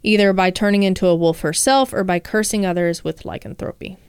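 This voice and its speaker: A woman's voice: mid-range voice, fairly even intonation, fairly quick, clear, resonant tone, dry recording, clean studio sound. A woman co-hosting a casual chat, reading folklore aloud with playful jokes. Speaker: podcast co-host.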